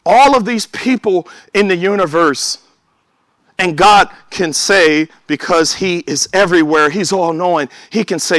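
High, bright-voiced preacher man. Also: measured pace, no echo. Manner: animated, swings between loud exhortation and hushed asides. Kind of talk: sermon.

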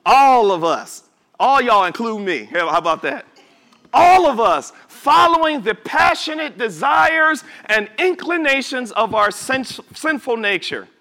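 High, lively-voiced male preacher. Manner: emphatic, with drawn-out words and sudden shouts; conversational asides to the congregation. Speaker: pastor. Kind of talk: sermon. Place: church service before a congregation.

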